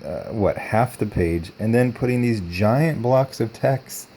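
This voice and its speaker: A young man reviewing comic books in a hushed early-morning voice, blunt and sarcastic with many fillers, coughing now and then. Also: on the low side, animated, measured pace, slight background noise. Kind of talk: soft early-morning commentary.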